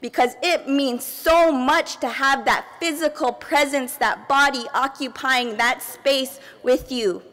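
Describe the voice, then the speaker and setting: Earnest high-voiced woman in a reverberant hall. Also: takes it slowly, few pauses. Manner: earnest, steady, pleading. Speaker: family advocate addressing an assembly. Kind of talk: prepared public speech. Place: large assembly hall.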